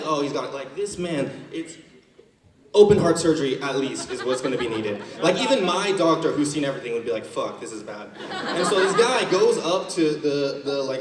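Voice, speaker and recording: On a university auditorium stage, a young student performs stand-up, casually telling stories and acting out their characters in a medium-pitched voice. The distant mic picks up a roomy hall and a loud, laughing crowd.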